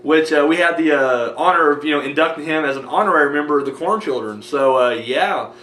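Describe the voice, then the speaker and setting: A man's voice: a little high, fairly quick, a bit bright, reverberant, slight background noise. An American man rambling casually with many fillers while thanking his viewers in a vlog. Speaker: movie review vlogger.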